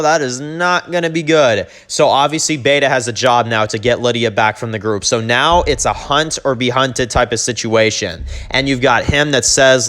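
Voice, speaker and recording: A man's voice: mid-range voice, fairly bright tone. A man casually recapping and rewriting a TV episode, rambling with lots of "you know" and "like" fillers and reading character lines in his own plain voice. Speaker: TV episode reviewer.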